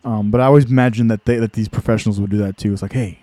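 A man's voice: lowish voice, steady tone, very fast, warm tone, no echo. A man casually chatting while watching a game live, rambling with lots of fillers and restarts. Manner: laid-back, chuckles between thoughts. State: voice getting lower and tired. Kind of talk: casual live-stream chat.

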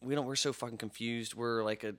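A man's voice: medium pitch, steady tone, a little fast, fairly bright tone. Young man rambling on a podcast. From Jacksonville, Florida. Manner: profane, rambling storyteller. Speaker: podcast co-host. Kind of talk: casual podcast chat.

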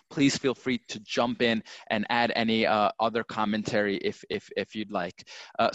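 A man's voice: mid-range voice, fairly bright tone, dry recording. A man hosting a finance interview show, putting questions to a guest with stammering restarts and repeated words. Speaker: show host.

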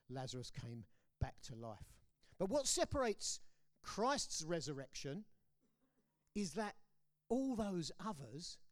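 A man with a British accent preaching a sermon, swinging between loud declarations and hushed, low lines. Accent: British English. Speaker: pastor. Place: church hall.

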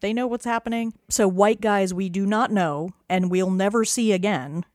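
A woman's voice: medium pitch, normal speed, no room sound, studio quality. A woman co-hosting a casual podcast, recapping a TV episode with laughs, swearing and acted-out lines. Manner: animated, laughing, swearing, acting out scenes. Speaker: podcast co-host.

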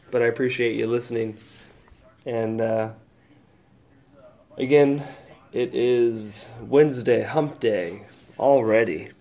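A married man hosting a casual solo podcast, rambling, swearing freely and thinking out loud as he goes. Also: medium pitch, creaky. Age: adult, old enough to be married. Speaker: podcast host.

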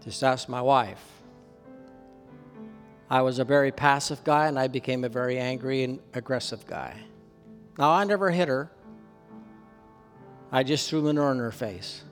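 A man's voice: mid-range voice, normal speed, pauses often, faint music behind. A Canadian man preaching a sermon as pastor, telling a personal story in an earnest way, his voice rising for emphasis. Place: church hall with long reverb. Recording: reverberant hall.

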